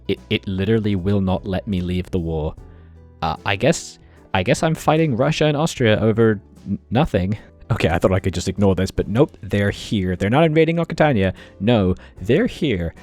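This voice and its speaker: A man's voice: lowish voice, animated, fairly quick, darkish tone, faint music behind. A man commenting on his strategy game playthrough with wry jokes and exasperated asides. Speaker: gaming commentator. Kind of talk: let's play commentary.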